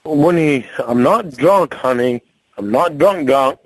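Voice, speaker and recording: A man with a voice on the high side and lively intonation talks slowly on poor audio. He drives trucks and is in a heated domestic argument, swearing constantly, rambling, and stumbling into restarts.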